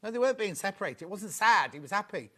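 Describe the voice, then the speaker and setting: A man's voice: high-pitched, animated, fast talker, fairly bright tone. A man presenting a live home shopping show in a TV studio, chatting and gushing over the products.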